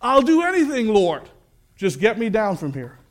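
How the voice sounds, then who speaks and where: A man voicing a panicked man hanging from a cliff branch, shouting and pleading for help. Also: sits high, big pitch swings, slow, exaggerated voice.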